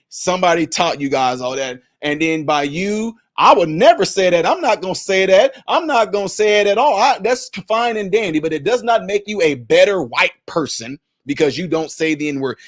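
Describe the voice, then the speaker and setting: A man giving emphatic, preachy spoken commentary, repeating his points to hammer them home. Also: sits high. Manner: acts out what others say in put-on voices. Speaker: commentary vlogger.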